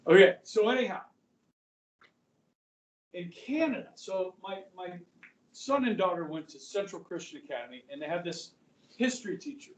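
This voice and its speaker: A middle-aged man teaching a high school history class, chatty, quizzing students and saying "okay" often. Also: a little hiss or hum. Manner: conversational, asks the class questions, frequent "okay". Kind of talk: classroom lecture. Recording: echoey room, voice from far off.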